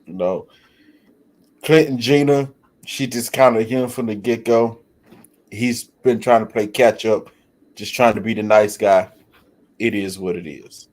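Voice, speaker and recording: A blunt man gives his take as a panelist, frank and unsugarcoated. His voice is fairly low, and he talks slowly, letting each point land. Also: darkish tone. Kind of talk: casual opinion commentary.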